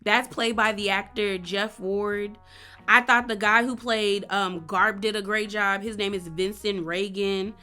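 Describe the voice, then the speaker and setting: Animated, bright-voiced woman vlogger. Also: mid-range voice, a little slow, faint music behind. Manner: animated, emphatic, slangy. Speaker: vlogger reviewing a series. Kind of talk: casual review chat.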